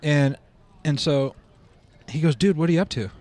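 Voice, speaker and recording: A man's voice: on the high side, normal speed. A middle-aged American man, a drummer guest, telling stories in a casual chat and laughing often. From United States. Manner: animated storyteller, laughs often.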